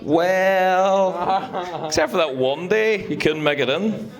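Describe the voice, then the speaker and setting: A man's voice: fairly high pitch, lively intonation, moderate pace, crowd noise. A young man giving a joking, teasing best man speech at a wedding. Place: wedding reception room.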